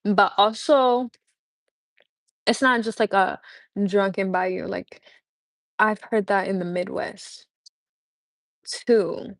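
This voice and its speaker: A woman's voice: mid-range voice, fairly even intonation, slow pace, long pauses, no room sound. A woman hosting a casual live stream chat, rambling with many fillers and laughing often. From United States. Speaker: livestream host.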